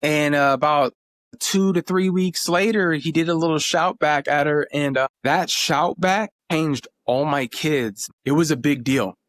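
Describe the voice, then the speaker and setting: A man's voice: fairly high pitch, a little slow, a bit bright, dry recording. A man in his thirties, a podcast guest, telling family stories in an earnest, emotional way. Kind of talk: casual interview talk.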